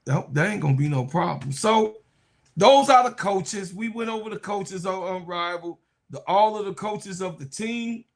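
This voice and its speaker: A sports stream host reads viewer comments in a casual, unhurried chat. This man's voice sits a little high, and he sounds under the weather. He bursts into loud, animated rants. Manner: animated, loud outbursts and drawn-out joking. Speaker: sports talk show host.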